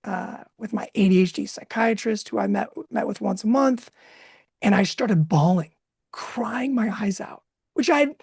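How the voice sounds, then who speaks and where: A man in his thirties telling a candid personal story, emotional and expressive, laughing now and then. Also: sits high, measured pace, gravelly, slightly rough, no room sound, studio quality. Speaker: guest speaker.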